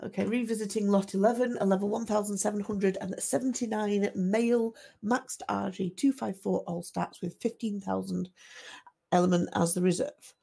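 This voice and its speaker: A woman runs a livestream auction in a quick, chatty way. Her voice is heavily gravelly and husky. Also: mid-range voice, steady tone, dark tone. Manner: brisk, chatty, laughs easily. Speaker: auction host.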